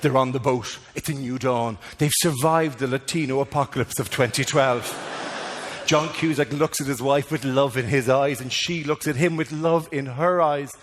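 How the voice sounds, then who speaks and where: An Irish man doing a stand-up comedy routine in a theatre, animated and loud, breaking into mock voices and singing. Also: medium pitch, moderate pace, in a large hall, a little hiss or hum. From Ireland. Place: large theatre before a live audience.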